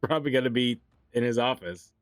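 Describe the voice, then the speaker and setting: A man's voice: medium pitch, fairly quick, clean tone, no echo, faint music behind. A man playing in a tabletop game, talking casually and repeating himself. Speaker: player.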